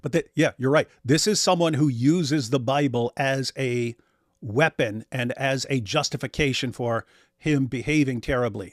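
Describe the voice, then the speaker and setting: A man's voice: mid-range voice, normal speed, dry recording, studio quality. A man giving casual reaction commentary on clips, sarcastic and given to mimicking others.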